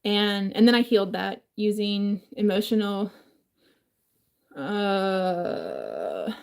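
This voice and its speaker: A woman's voice: mid-range voice, very animated, slow, vocal fry, darkish tone. A woman talking casually in a rambling home vlog from her kitchen, her voice changed by a throat injury, full of fillers and swearing. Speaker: vlogger.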